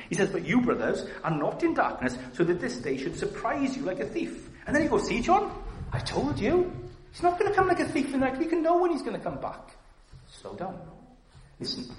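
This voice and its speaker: A man preaching a sermon in a lively, animated way, acting out the people he quotes. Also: mid-range voice. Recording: echoey hall with faint noise.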